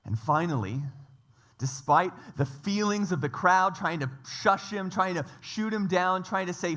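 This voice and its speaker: A man's voice: sits high, a little slow, fairly bright tone. A man preaching a church sermon, emphatic, stacking up repeated phrases and lists. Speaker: pastor.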